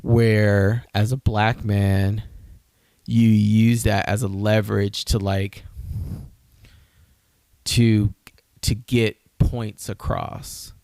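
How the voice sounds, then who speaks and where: A man hosting a podcast in casual chat, talking in an animated, rambling way and getting riled up as he makes his points. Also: lowish voice, very slow, vocal fry, long pauses, clear, resonant tone, no room sound. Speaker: podcast host.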